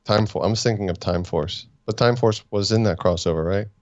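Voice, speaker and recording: A man's voice: lowish voice, a little fast, a little mellow, no room sound, lo-fi sound. A man co-hosting a fan review podcast, chatting casually in a laid-back, teasing way. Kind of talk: casual chat.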